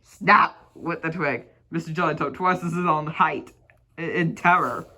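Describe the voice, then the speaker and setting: A man's voice: on the high side, unhurried, bright, forceful tone, slight background noise. A man reading a children's storybook aloud as an amateur read-along, giggling and stumbling over words. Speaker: reader.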